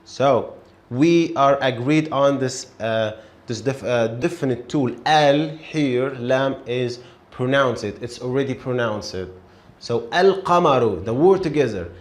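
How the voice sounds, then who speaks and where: Slow, patient man teaching in an echoey room. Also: mid-range voice. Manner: slow, patient, repeats words and syllables for learners. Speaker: Arabic teacher. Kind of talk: beginner language lesson.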